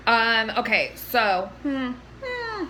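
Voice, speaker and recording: A young woman co-hosting a casual TV recap, animated and swearing as she acts out her reactions. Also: fairly high pitch, takes it slowly, a little hiss or hum. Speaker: co-host.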